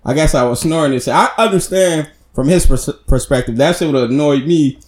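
A man's voice: fairly high pitch, a little fast, a little mellow. A man talking in a laid-back, slangy, profane way in casual chat, full of fillers.

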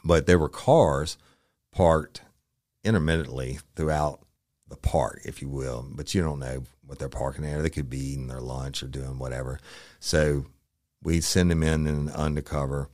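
A middle-aged man from Louisiana, telling a past case as a podcast host in an animated, profane way. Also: rumbling low, normal speed, no echo, clean studio sound. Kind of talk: casual storytelling.

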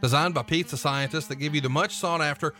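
A male podcast host, doing jokey, brisk ad reads in a casual way. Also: fairly high pitch, pushed and bright, faint music behind.

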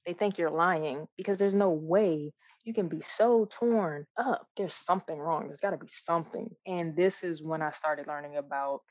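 A woman speaking candidly in a conversation, reflective and earnest, often restarting her thoughts and laughing softly. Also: deep voice, moderate pace, hardly any pauses, dry recording, poor audio.

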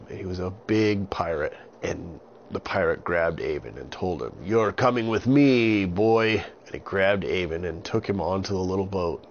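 A children's story is told by a man whose voice is low and gravelly. His delivery is animated and dotted with sound effects. There's a faint hiss over the dull, lo-fi recording.

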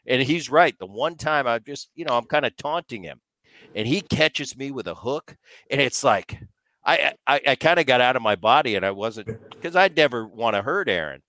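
A man in his fifties co-hosting a podcast, telling an animated story and acting out what people said. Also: medium pitch, moderate pace, dry recording. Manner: animated, acts out quotes. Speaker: podcast co-host.

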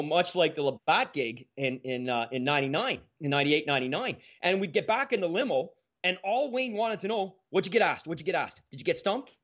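A man, a podcast guest telling stories in a lively way and acting out the dialogue. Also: on the high side. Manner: animated, acts out quoted dialogue. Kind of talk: casual storytelling. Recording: dull lo-fi sound.

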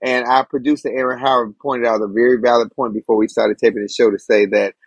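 A man's voice: mid-range voice, steady tone, quick pace, no echo, rough recording. A man hosting a casual podcast chat with joking, playful banter. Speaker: comedian podcast host.

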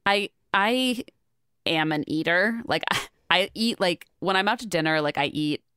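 A woman co-hosting a podcast, talking in an animated, rambling way with lots of "like". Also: on the low side, measured pace, smooth, no echo, studio quality. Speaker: podcast co-host. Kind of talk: casual podcast chat.

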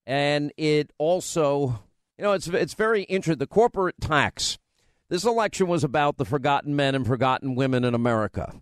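A man hosting a talk radio show from a studio microphone, speaking briskly and emphatically and joking with his staff. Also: a little high, lively intonation, clean tone, no room sound.

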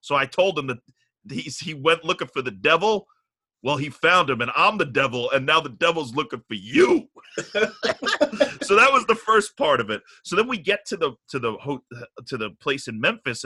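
A middle-aged man tells a story on a podcast, his voice bright and forceful. He swears freely and gets worked up as he talks. The sound is close and dry. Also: medium pitch, no echo. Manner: animated, profane, gets riled up. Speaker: guest telling a story.

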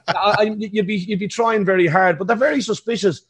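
A man's voice: high voice, fairly quick, a bit bright, slightly rough. A man with an Irish accent, a pub band musician telling stories in a casual interview, laughing often. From Ireland. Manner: chatty storyteller, laughs often. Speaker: house band musician, guest.

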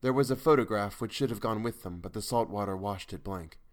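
A man voicing a timid, sorrowful young woman who speaks in a low, hushed voice. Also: brisk, close to an everyday voice. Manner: timid and hesitant.

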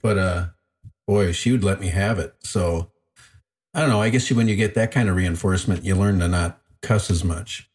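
A man's voice: low-pitched, moderate pace, darkish tone, husky. A middle-aged man co-hosting a podcast, easygoing as he tells stories about home. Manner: easygoing storyteller, telling anecdotes about his daughter. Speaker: podcast co-host. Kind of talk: casual podcast chat.

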